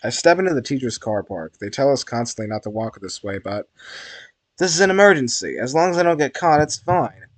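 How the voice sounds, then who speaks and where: A man reading the inner monologue of an anxious, self-conscious teenage schoolgirl in a visual novel, in a nervous, rushed way. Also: mid-range voice, animated, no room sound, lightly acted.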